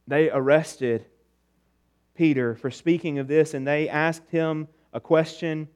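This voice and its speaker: A man with a high voice preaches to his congregation. He asks rhetorical questions and drops soft and low on the words he wants to land. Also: steady tone, slow pace. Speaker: pastor. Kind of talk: sermon.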